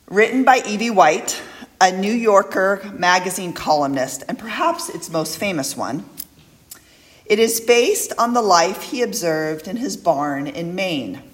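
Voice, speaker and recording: A woman preaching a sermon, reading a poem aloud in a slow, reflective way. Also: on the low side. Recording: echoey hall.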